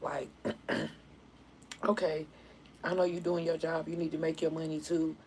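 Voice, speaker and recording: Animated woman chatting on a live stream. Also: sits low, measured pace, slight background noise, poor audio. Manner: animated storytelling, laughing often. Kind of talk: casual live-stream chat.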